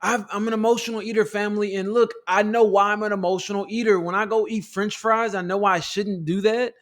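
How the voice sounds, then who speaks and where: A man giving a motivational self-help talk to his viewers in a preachy, repetitive style, often calling them "family" and building to loud climaxes. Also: high voice, fairly even intonation, brisk. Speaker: motivational teacher.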